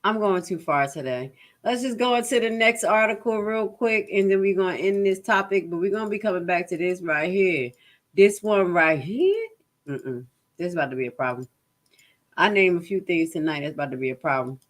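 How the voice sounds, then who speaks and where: A woman hosting a casual livestream, speaking. Her delivery is animated and emphatic, full of asides aimed straight at her viewers. When she reads out official text she slows down and stumbles over the words. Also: on the low side. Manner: reads documents aloud haltingly. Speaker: channel host.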